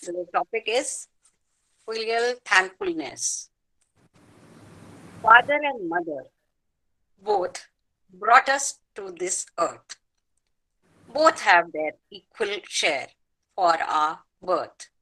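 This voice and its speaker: Bright-voiced woman reciting poetry. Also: mid-range voice, big pitch swings, creaky, poor audio. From New Delhi, India. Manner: measured, formal recitation. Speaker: poet at an open mic. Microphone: video call.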